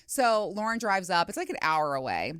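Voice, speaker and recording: A woman's voice: mid-range voice, sing-song, normal speed, fairly bright tone, clear, resonant tone, dry recording, studio quality. A middle-aged woman hosting a podcast, telling a story in casual, chatty talk with swearing and quoted asides. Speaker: podcast host. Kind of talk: casual solo podcast chat. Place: home studio.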